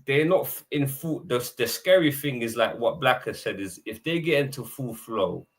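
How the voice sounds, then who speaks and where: Slangy man in animated football chat. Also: medium pitch, moderate pace. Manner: animated, slangy, acts out his own reactions. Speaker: podcast panelist.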